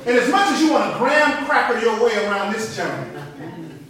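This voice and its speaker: A man preaching a sermon, telling stories with animation and building up to shouted preaching in front of a congregation. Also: high voice, sing-song, a little fast, a crowd in the background. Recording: echoey hall, mic from a distance, congregation audible.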